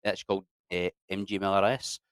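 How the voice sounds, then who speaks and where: A man in his thirties with a Scottish accent, an interview guest telling his army story in casual, animated talk and acting out the people he quotes. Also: deep voice, a little fast, smooth, no echo. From Scotland. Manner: animated, acts out quoted dialogue, swears freely.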